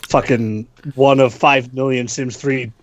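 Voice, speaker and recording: A man co-hosting a gaming podcast, chatting excitably and swearing casually. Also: medium pitch, measured pace. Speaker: podcast co-host. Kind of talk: casual chat. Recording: dull dry lo-fi mic.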